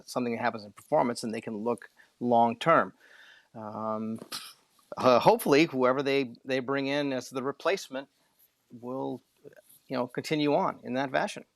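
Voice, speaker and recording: A man's voice: medium pitch, dry recording. A man co-hosting a sports podcast, chatting casually in a rambling way with folksy joking asides.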